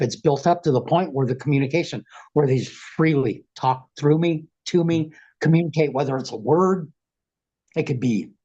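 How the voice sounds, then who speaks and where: A man guesting on a video call, telling his experiences frankly and at length, with rough, profane, animated storytelling. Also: medium pitch, lo-fi sound. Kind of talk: casual storytelling interview.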